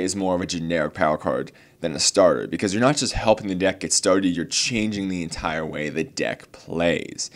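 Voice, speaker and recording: Low-voiced young man, rambling vlog talk. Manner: rambling, many fillers and restarts; earnest, a little exasperated. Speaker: card game channel host. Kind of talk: casual talk to camera.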